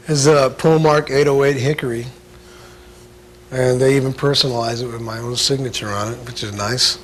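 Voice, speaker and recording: A man's voice: mid-range voice, fairly even intonation, a little hiss or hum. Laid-back man explaining his drum kit. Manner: laid-back, halting, many filler sounds. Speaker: drum instructor. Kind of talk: casual instructional talk.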